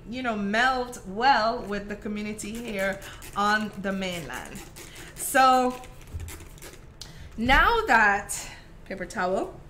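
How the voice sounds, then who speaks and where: Casting note: a woman with a Caribbean Virgin Islands accent hosts a live craft stream, chatty and clear. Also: a little high, pushed and bright, a little hiss or hum. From Saint Croix, US Virgin Islands. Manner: chatty, talks to viewers by name with many fillers. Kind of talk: casual chat during a live craft tutorial.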